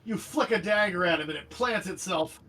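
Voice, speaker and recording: A man narrating a tabletop game as game master, animated and jokey, describing the action vividly. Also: high-pitched, brisk. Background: faint background music.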